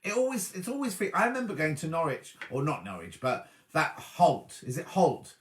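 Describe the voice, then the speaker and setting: A man's voice: a little high, animated, normal speed, roomy sound. A man hosting a casual live-stream chat, reading out viewer comments in a rambling, self-correcting way. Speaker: host. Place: indoors at home.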